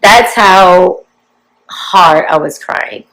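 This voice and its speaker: A woman in her forties with a slightly low voice talks straight to her viewers and tells her own story. Her delivery is chatty and confiding, like a casual vlog. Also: very slow, fairly bright tone, poor audio. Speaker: vlogger telling her life story.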